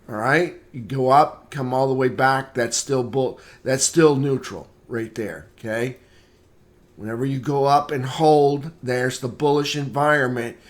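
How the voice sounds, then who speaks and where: A man, a trading instructor, giving a live market analysis lesson, repeating points and checking in with "okay?" often. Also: mid-range voice. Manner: greets viewers by name mid-lesson.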